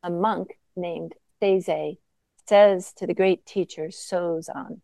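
A woman teaching as a Zen teacher in a reflective dharma talk, mostly soft-spoken with sudden emphatic bursts. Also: fairly low pitch, steady tone, slow, vocal fry, dry recording, poor audio.

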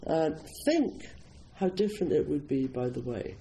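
A man's voice: on the high side, lively intonation, normal speed, vocal fry, warm tone, a little hiss or hum, poor audio. A Scottish man from Scotland giving an informal, humorous Buddhist talk, telling stories and often chuckling. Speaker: Buddhist teacher.

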